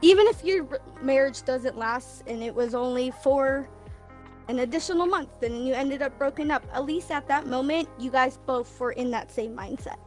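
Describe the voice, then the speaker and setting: A woman's voice: high voice, moderate pace, faint music behind. A young woman speaking candidly as a guest on a casual livestream, laughing often and a bit emotional. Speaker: guest, best friend of host.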